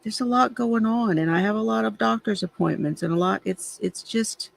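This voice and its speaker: A middle-aged woman talks unhurriedly through a craft livestream at home, rambling and confiding as she colors. Her voice sits fairly high with a gravelly, creaky edge, and the sound is dry and close. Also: no echo. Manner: slow, rambling and confiding, with frequent sighs. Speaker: craft channel host. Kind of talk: casual livestream chat while coloring.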